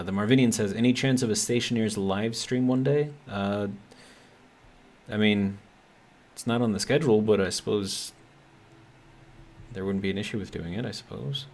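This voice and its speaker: Casual and easygoing, a live-streaming gamer reads out chat messages as he plays, often hesitating, saying um, and correcting himself. His voice is lowish and a little mellow.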